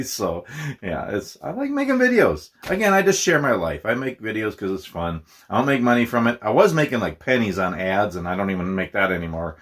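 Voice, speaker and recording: A man's voice: on the low side, fairly bright tone, slight background noise. A middle-aged man from Minnesota talking in a casual, rambling vlog, self-deprecating and laughing often. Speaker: YouTuber.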